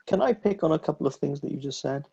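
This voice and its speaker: A male host interviewing a guest, speaking in a gentle, affirming manner. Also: a little high, lively intonation, fast, gravelly, slightly rough, lo-fi sound. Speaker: podcast host. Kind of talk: interview chat.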